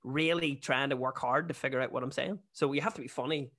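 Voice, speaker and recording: A man's voice: medium pitch, steady tone, quick pace, bright, forceful tone. A man with a Newry, Northern Irish accent, a stand-up comedian chatting casually as a podcast guest, self-deprecating and full of restarts. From Northern Ireland.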